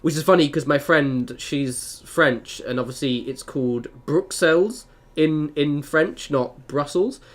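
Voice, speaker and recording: A man's voice: mid-range voice, fairly even intonation, unhurried, few pauses. Chatty man streaming a game. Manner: chatty, rambling, lots of fillers. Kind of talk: casual chat while gaming.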